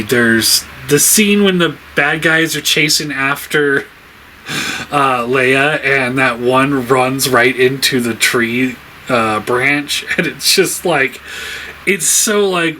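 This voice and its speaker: A man's voice: medium pitch, sharp tone, a little hiss or hum, poor audio. A man giving a casual spoken review, rambling with many fillers, laughing often, sounding exasperated.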